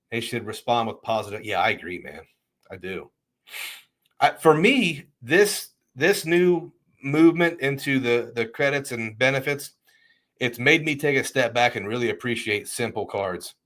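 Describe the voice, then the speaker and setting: A man's voice: medium pitch, fairly bright tone. Chatty middle-aged man hosting a livestream. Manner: chatty, rambling, reacts to viewer comments, lots of restarts. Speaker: livestream host. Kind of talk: casual livestream chat reading comments.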